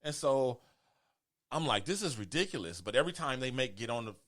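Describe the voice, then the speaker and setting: Podcast host, man, bright voice, animated storyteller who performs the quotes. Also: brisk. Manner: animated, acts out quotes with rising pitch. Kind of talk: casual storytelling chat.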